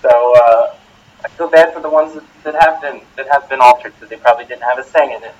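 A man chatting casually, rambling with halting restarts and eager enthusiasm. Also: medium pitch, slightly rough, highs cut off. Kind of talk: casual chat. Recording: distant mic with faint noise.

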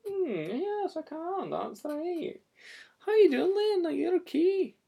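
A man voicing a tiny, shy young woman with a Scottish accent, meek and rambling in a high squeaky voice. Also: sing-song, slow pace, vocal fry, mellow, recorded from a distance, full character voice.

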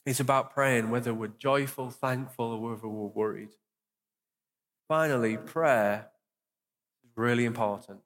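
A man's voice: medium pitch, a little slow, pauses often, a bit bright. A young adult man preaching as a pastor, earnest and encouraging, repeating phrases for emphasis, and leading a closing prayer. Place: church hall. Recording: long reverb of a church hall.

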